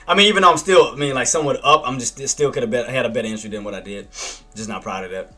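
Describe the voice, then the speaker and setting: Bright-voiced man, self-critical trading streamer. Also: medium pitch, very fast, soft background music. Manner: self-critical, repeats himself, talks to chat by name. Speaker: day trader and livestreamer. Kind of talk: live trading commentary with chat.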